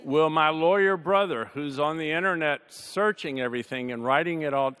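A man speaking on a panel, telling a personal family story in a conversational way, with dry humor, his voice softening at the sad moments. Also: on the high side, normal speed, smooth. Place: large chapel. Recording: long reverb of a large hall.

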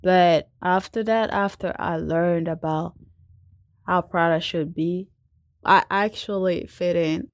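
A young adult woman with a foreign accent answering interview questions in a slow, deliberate way. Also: on the low side, steady tone, dry recording.

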